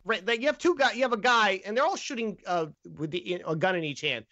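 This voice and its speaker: A man's voice: high voice, expressive, brisk, pushed and bright, no room sound, dull audio. A man hosting a casual comedic movie review podcast, reading scripted jokes with stumbles and laughs. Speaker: podcast host.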